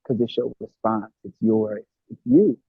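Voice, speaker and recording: Man, husky and dry-sounding, a lively guest who voices his own thoughts, heard over a phone-like line. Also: fairly low pitch, unhurried, dry recording. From Los Angeles, United States. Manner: animated, acts out quoted inner dialogue. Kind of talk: casual conversation about self-love.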